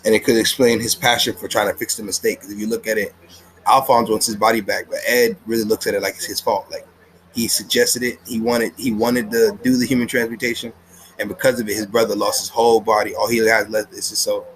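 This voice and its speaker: A man with a low voice talks through an anime episode in loose street slang, rambling and laughing as he goes. He records at home while the TV plays, and faint noise sits under his voice. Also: level tone, a little fast, fairly bright tone, rough recording. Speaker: anime reviewer. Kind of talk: casual episode review.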